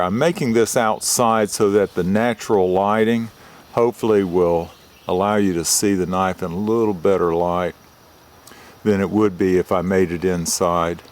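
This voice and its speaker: An older man with a low voice walks through a knife review in a plain, methodical way. He is recorded outdoors on a camera mic, with a faint outdoor hiss underneath. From United States. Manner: plain, methodical, explains details slowly. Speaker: retired forester reviewing knives. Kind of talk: show-and-tell knife review.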